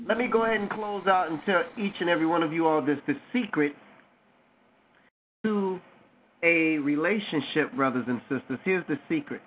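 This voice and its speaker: A man hosts a call-in radio talk show, his voice a little higher than most men's. He moves from taking callers to a drawn-out, preachy closing speech, stressing each point. It all comes through a tinny phone line with faint background hiss.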